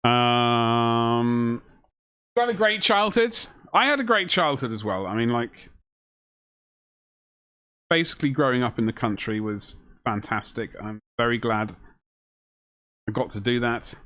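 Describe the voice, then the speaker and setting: A chatty man streams from his hobby desk, talking into a desk mic. He reads out viewers' messages and jokes back at them in an easygoing, mid-pitched voice. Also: lively intonation, a little slow, long pauses, fairly bright tone, clean tone. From Britain. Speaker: live stream host. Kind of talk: casual live-stream chat while building a miniature.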